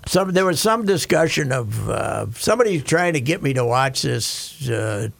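A man's voice: mid-range voice, very animated, moderate pace, vocal fry. A man co-hosting a casual chat, rambling through an anecdote in a self-deprecating way.

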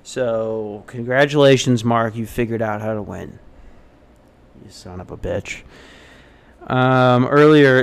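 A young American man hosting a casual solo podcast, rambling and self-deprecating as he tells stories, now and then jumping into high mock voices. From United States. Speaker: podcast host. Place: hotel front desk.

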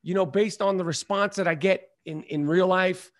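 High-voiced man, animated and profane. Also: normal speed. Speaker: podcast guest. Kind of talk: casual chat.

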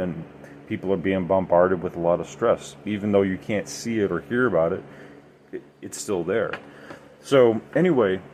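A man with a deep, somewhat mellow voice hosts a podcast, rambling through paranormal stories with lots of emphasis and filler words. There's slight background noise.

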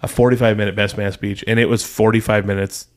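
A man's voice: on the low side, level tone, fast talker. A man co-hosting a casual podcast chat, retelling secondhand stories with emphatic, rambling delivery. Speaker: podcast co-host.

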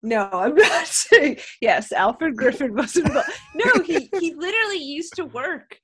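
A woman's voice: high-pitched, animated, measured pace, fairly bright tone. A woman co-hosting a casual movie podcast, laughing often and adding wry asides. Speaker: podcast co-host.

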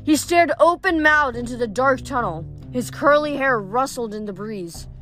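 A woman reading a novel aloud at a steady pace, with small slips and restarts. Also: high voice, moderate pace, faint music behind. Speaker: audiobook reader.

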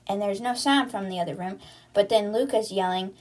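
Woman, podcast host, casual book recap, chatty retelling, mid-pitched voice. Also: steady tone, a little fast, darkish tone. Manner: retells scenes chattily with "she's like" quotes.

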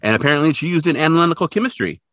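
A man casually recapping a cartoon episode for a podcast, joking and acting out the characters in squeaky voices. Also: very fast, no room sound, clean studio sound. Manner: animated, jokey, acts out characters in high squeaky voices. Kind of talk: casual chat.

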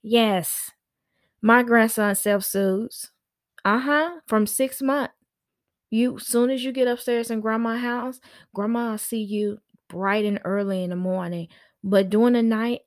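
A woman's voice: medium pitch, unhurried, no room sound, clean studio sound. Sassy middle-aged woman giving parenting advice. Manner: animated, sassy, acts out quoted people. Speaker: nanny and parenting show host. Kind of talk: casual parenting advice talk.

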